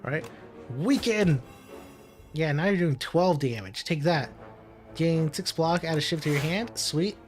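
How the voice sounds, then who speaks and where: A man's voice: on the high side, moderate pace, soft background music. A man casually commenting on his own card game as he plays, talking himself through each move, muttering and laughing at setbacks. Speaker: gaming commentator. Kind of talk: casual let's-play commentary.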